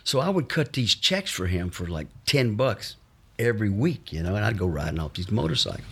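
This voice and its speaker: Husky low-voiced man. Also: big pitch swings, brisk, fairly bright tone. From Mississippi, USA. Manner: rambling anecdotes full of "you know" and chuckles. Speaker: interviewee. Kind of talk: casual storytelling.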